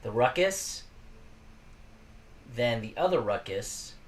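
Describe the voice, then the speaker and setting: Man hosting a chatty live stream from his garage, mic set back, mid-pitched voice. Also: lively intonation, takes it slowly, distant mic. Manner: rambling, chatty, talks to viewers. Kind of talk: casual live-stream chat.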